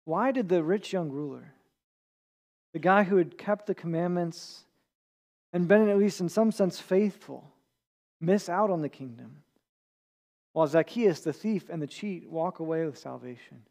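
A man with a high voice preaching an earnest sermon. He speaks conversationally and now and then stumbles and repeats a word as he gathers his thought. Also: unhurried, creaky, long pauses, darkish tone. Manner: earnest, with small restarts and repeated words. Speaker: pastor.

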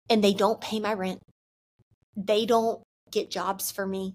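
A woman's voice: mid-range voice, fairly even intonation, takes it slowly. A young woman talking candidly to camera about her faith, earnest and loose, full of "like" and restarts. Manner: earnest, candid, filler-heavy with frequent "like". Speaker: Christian vlogger. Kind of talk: heartfelt faith talk to camera.

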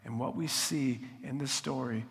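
A man preaching a sermon in an earnest voice, at times dropping to a hushed, prayerful tone. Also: medium pitch, steady tone, moderate pace, gravelly, in a large hall. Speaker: pastor.

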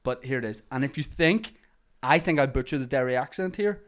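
A woman's voice: a bass voice, expressive, fairly quick. A woman, hosting a casual chat and talking in a self-deprecating way. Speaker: podcast host.

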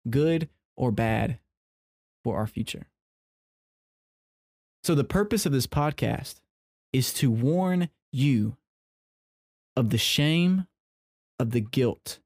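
A man's voice: mid-range voice, a little mellow, no room sound, studio quality. A man hosting a casual faith-based podcast, chatty and playfully teasing his listeners. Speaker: podcast host.

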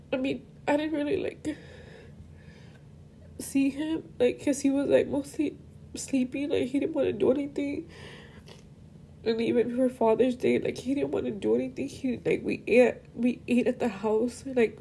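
Young woman, gravelly, mellow tone, tearful, rambling, mixes English and Spanish. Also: on the high side, slight background noise. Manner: emotional, rambling, switches between English and Spanish. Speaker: podcast host. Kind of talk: personal monologue.

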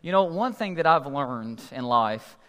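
A man's voice: on the high side, expressive, measured pace, a bit bright. A male pastor preaching a sermon in a conversational, storytelling way with humor, heard in an echoey hall.

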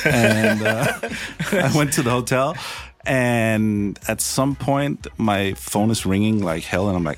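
A man telling a story in casual chat, halting and laughing, with many fillers. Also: on the low side. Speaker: touring musician guest.

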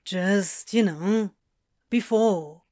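A woman voicing a tipsy, evasive male demon in a fan fiction reading, mumbling and halting. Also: mid-range voice, warm tone.

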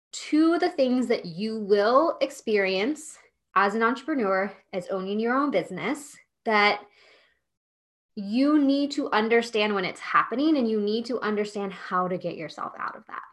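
A woman's voice: on the high side, a bit bright. A woman hosting a solo podcast, coaching business owners in a chatty, emphatic way with lots of "like" and "okay?".

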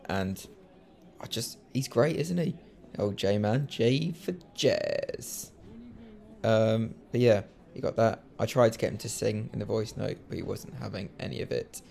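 A man's voice: lowish voice, moderate pace, gravelly, a little mellow. A man hosting a casual podcast, jokey and self-mocking as he introduces clips. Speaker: podcast host.

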